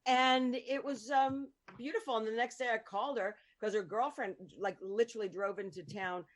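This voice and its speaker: Casting: woman host, bright higher voice, rambling chatty storyteller. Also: steady tone, normal speed. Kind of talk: casual group chat.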